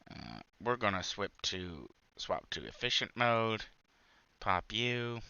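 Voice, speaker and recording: A man's voice: low-pitched, vocal fry, bright, forceful tone, no room sound, highs cut off. A man hosting a gaming channel, rambling through live gameplay commentary with lots of filler words and restarts.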